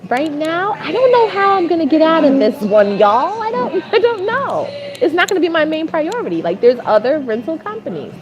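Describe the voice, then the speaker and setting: Animated, exasperated woman vlogger. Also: high voice, moderate pace, few pauses, lo-fi sound. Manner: animated, exasperated, repeats phrases for emphasis. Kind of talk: storytelling vlog rant.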